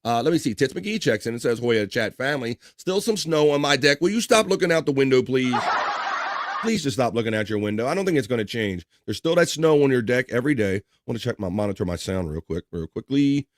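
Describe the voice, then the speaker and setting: A man's voice: medium pitch, expressive, fairly quick, dry recording, studio quality. A man hosting a casual live stream, reading viewer comments aloud and bantering with his chat. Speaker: livestream host reading chat. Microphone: studio microphone.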